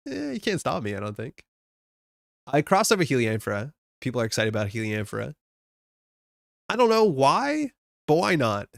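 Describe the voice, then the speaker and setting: Chatty Canadian man with a gravelly voice. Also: medium pitch, no room sound, clean studio sound. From Alberta, Canada. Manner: chatty and self-mocking, thinks aloud, laughs often. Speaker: streamer building a card game deck. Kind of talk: casual live-stream chat.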